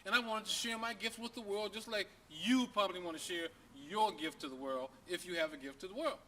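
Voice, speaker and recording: A man's voice: sits high, fairly quick, sharp tone, a little hiss or hum. A man voicing a boastful male talking dog who recounts his career in a chatty, matter-of-fact way.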